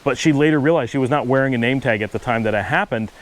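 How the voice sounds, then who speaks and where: A man's voice: medium pitch, fast talker, rough recording. A middle-aged man from Western New York with a Buffalo accent, talking casually and patiently, with asides and self-corrections. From Western New York, USA. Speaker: channel host. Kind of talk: casual explanatory monologue.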